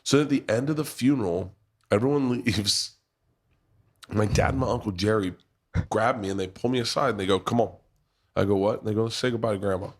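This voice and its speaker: A man's voice: fairly low pitch, brisk. A middle-aged man hosting a podcast, telling rambling, laugh-filled stories with plenty of swearing. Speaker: podcast host. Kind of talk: casual storytelling chat.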